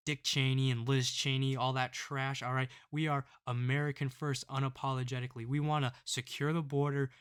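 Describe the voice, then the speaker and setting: A man's voice: medium pitch, fairly bright tone, smooth. Scornful ranting male political vlogger. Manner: scornful, ranting, keeps tagging "all right?". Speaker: political commentator. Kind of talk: political commentary vlog.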